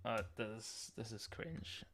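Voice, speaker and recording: A young man streaming live, reacting to videos and teasing his chat in a goofy way, often sliding into a low mutter. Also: takes it slowly, vocal fry, fairly bright tone, a little hiss or hum.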